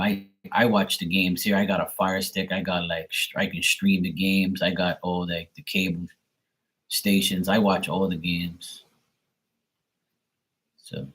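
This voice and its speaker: Low husky-voiced Bermudian man. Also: little pitch movement, a little slow, fairly bright tone. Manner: rambling, chatty, casual swearing. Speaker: live stream host. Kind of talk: casual live-stream chat.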